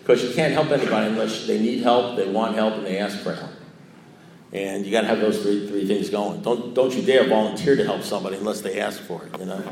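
A man's voice: lowish voice, fairly even intonation, a little fast, creaky, a little mellow. Older man telling a rambling story. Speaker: speaker at a recovery meeting. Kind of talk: personal recovery story told to a group. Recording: echoey room.

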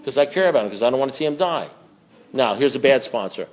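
A man's voice: mid-range voice, lively intonation, fast talker, noisy background. A man giving a recovery meeting talk, telling folksy stories, acting out both sides of conversations, blunt and joking with frequent laughs. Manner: folksy storytelling, acts out both sides of dialogue. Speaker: recovery speaker.

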